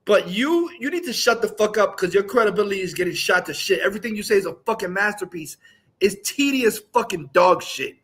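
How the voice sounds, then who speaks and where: High bright-voiced guy ranting on a live stream, angry, swearing nonstop. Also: expressive, fairly quick, husky.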